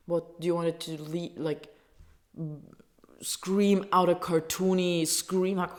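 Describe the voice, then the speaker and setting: Her voice sits on the low side, steady in tone and moderate in pace. A woman vlogger from Turkey who speaks Turkish natively, she delivers a heated, profane, casual rant in English with stumbling restarts.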